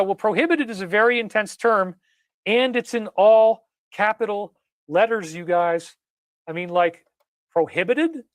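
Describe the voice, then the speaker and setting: Emphatic male commentator, high voice, dry close mic, leans hard on key words. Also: no room sound. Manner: emphatic, repeats key words, rhetorical questions. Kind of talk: animated live-stream commentary.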